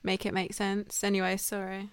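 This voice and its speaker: A woman in casual chat, cutting in with quick joking remarks. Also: medium pitch, completely flat delivery, smooth, no room sound.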